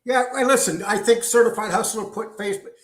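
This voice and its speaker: A man's voice: high voice, brisk, reverberant. A man co-hosting a live-stream, casually chiming in and agreeing. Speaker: co-host.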